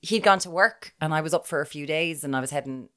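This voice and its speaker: Low-voiced Irish woman, wry and chatty. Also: fast talker, a bit bright. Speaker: podcast co-host. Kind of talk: casual chat.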